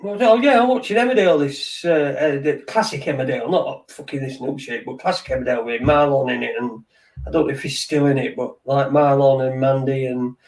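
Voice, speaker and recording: A man's voice: medium pitch, fairly quick, a little mellow. A middle-aged man, rambling in sweary, wry late-night chat as a podcast host, heard from a little way off the mic. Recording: distant from the mic.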